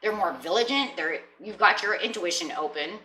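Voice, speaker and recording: Chatty woman tarot reader, bright, roomy. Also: lowish voice, animated, moderate pace. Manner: chatty, tags lines with "right?" and "you know?"; frequent throat clearing. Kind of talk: casual tarot reading to camera. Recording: roomy echo.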